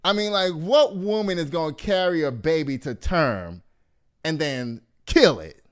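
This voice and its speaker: A man from Texas hosts a loose commentary show. His voice sits high and comes across smooth and clean. He talks in an animated, mocking way, swearing freely and laughing often. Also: unhurried. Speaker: host. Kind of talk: casual commentary.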